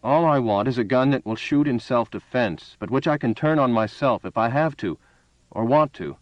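A man's voice: mid-range voice, brisk, no room sound, dull audio, close to an everyday voice. A man reading aloud, voicing a desperate, grim man buying a gun, tense and urgent.

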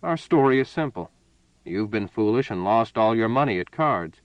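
A man voicing a smooth, menacing male card sharp aboard a spaceship, hearty and boastful, then cold and purring, on a dull, dry recording. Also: on the low side, expressive, normal speed, dry recording, lightly acted.

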